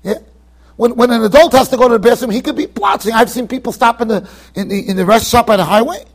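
A man with a Yeshivish American accent giving a lively Torah lecture in a yeshiva study hall, acting out his examples with sudden shouts. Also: extremely high pitch, quick pace. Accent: American Orthodox Jewish, Yeshivish. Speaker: rabbi giving a Torah class.

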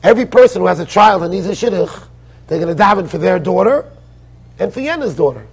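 An American man, a rabbi giving a Torah lecture in a yeshiva study hall, animated and full of rhetorical questions. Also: high voice, fast talker, slightly rough. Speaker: rabbi teaching a Torah class.

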